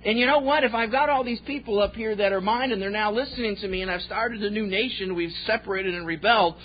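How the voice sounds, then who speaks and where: A man's voice: high voice, fast. A man voicing a scheming ancient king who muses worriedly in a conversational way, on a slightly dull recording.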